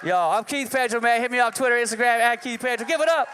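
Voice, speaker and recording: A man's voice: very high-pitched, quick pace, a bit bright, slight background noise. A man in his thirties doing a brash, profane stand-up set on a club stage. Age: 30s. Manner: brash, profane, punchy delivery. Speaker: stand-up comedian. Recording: live hall reverb.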